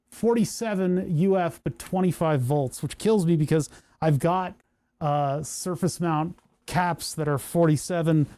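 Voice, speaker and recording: A man with a slightly high voice and dark tone chats casually at his workbench while streaming an electronics build. He mutters to himself as he works, his hands cramping.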